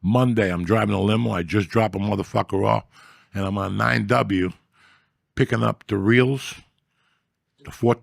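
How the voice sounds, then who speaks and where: A man with a low, gravelly voice spins a rambling, profanity-laced story as a comedian guest on a podcast. His delivery is streetwise and casual. The sound is dry and close, with no room echo. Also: fairly even intonation, moderate pace, pauses often. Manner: rambling, streetwise, swears often.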